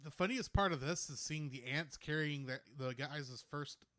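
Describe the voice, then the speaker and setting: A man's voice: fairly high pitch, fairly bright tone, no room sound, clean studio sound. A man co-hosting a podcast, reading out trivia and chatting casually in a playful way. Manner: reads out trivia, playful and quick-witted. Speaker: podcast co-host. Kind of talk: casual chat.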